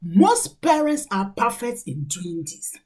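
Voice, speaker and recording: A woman's voice: fairly high pitch, big pitch swings, takes it slowly, mellow. A woman, a mother who hosts her own channel, giving earnest, preachy parenting advice to camera and counting off numbered points.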